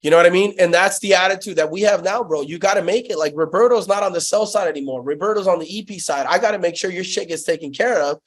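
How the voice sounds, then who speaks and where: A man's voice: high-pitched, fast, hardly any pauses. A young man telling sales stories in a casual interview, profane and hyped, saying "bro" constantly. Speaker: guest, sales company founder.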